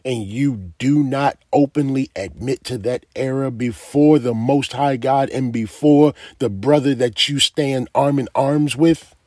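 Slow, husky-voiced male preacher. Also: mid-range voice, a little mellow, no echo, studio quality. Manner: emphatic, asks the listeners direct questions. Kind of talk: sermon.

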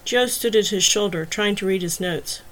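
A woman reads a crime thriller aloud as audiobook narration, steady and even in delivery. Her voice sits at a middle pitch. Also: normal speed. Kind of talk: scripted narration.

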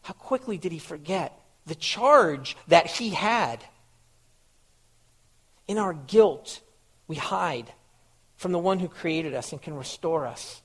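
A man's voice: fairly high pitch, expressive, slow, long pauses, a bit bright, husky. A male pastor preaching a sermon in an earnest way, repeating phrases and putting questions to his listeners.

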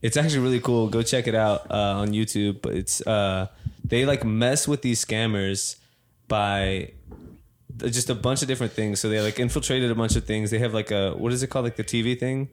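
A man's voice: lowish voice, steady tone, fairly quick, slight background noise. A man in his twenties telling a long casual story to friends, full of "like" fillers, acting out the people he quotes. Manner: rambling storyteller, lots of "like" fillers, acts out voices in quotes. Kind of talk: casual chat.

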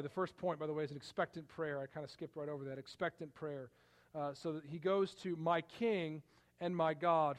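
A middle-aged man preaching a sermon in a conversational way, rising in volume to stress a point and often restarting his sentences. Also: a little high. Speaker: pastor.

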